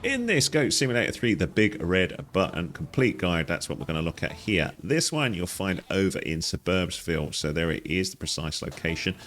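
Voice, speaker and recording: A man talks viewers through a video game in a playful, animated way. His voice sits low but swings widely in pitch, and faint music plays under it. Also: normal speed, hardly any pauses. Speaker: gaming guide host. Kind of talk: game walkthrough commentary.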